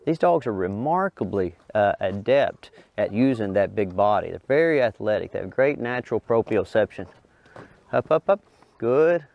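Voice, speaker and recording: A middle-aged man, a dog trainer, explains to viewers and coaxes a big dog over an agility course with high, excited praise. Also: normal speed, vocal fry, lo-fi sound. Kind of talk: instructional talk while coaching a dog.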